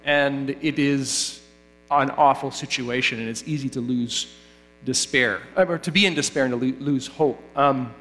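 A man's voice: medium pitch, faint music behind. Man preaching in a reverberant hall. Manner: halting, many restarts, animated when telling a joke. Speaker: pastor. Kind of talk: sermon. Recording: reverberant hall, mains hum.

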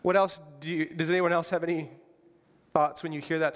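A man's voice: a little high, flat delivery, fairly quick, in a large hall. A man preaching a conversational sermon, asking the congregation questions and joking lightly. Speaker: pastor.

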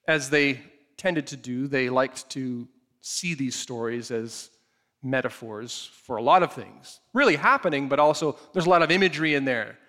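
A man preaching a sermon, retelling a scripture story with animated, acted-out storytelling. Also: on the high side. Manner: animated storytelling, acts out the scene. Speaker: pastor.

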